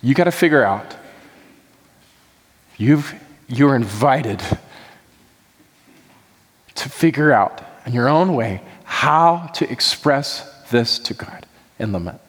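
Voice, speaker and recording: Earnest pastor preaching in a reverberant hall. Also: male voice, medium pitch, animated, slow pace, long pauses, slightly rough. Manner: earnest, pleading prayerful delivery. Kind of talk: sermon. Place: church sanctuary.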